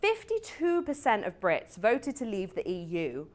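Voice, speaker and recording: A woman's voice: on the high side, wildly swooping pitch, moderate pace. Chatty young British woman hosting. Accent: British English. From Britain. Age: young adult. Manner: chatty and self-mocking, many ums and little laughs. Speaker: talk show host. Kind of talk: casual chat show hosting.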